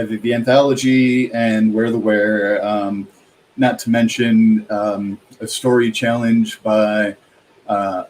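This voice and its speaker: A man's voice: on the low side, a little mellow, a little hiss or hum, rough recording. A man chatting as a guest author, rambling with many fillers and quoted asides. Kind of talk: casual chat.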